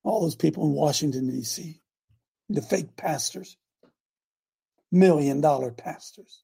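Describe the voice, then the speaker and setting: A man hosting a preaching broadcast, reading scripture aloud and breaking into fiery, animated asides. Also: fairly high pitch, moderate pace, creaky, husky. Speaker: radio preacher host.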